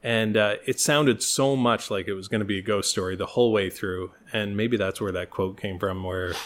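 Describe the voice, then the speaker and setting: A man's voice: on the low side, fairly even intonation, moderate pace. A man co-hosting a casual chat podcast, rambling and laughing often. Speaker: podcast co-host.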